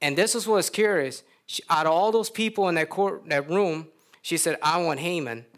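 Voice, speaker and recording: A man's voice: high voice, moderate pace, fairly bright tone. A man with a Louisiana accent preaching a sermon in a folksy storytelling way, acting out the characters.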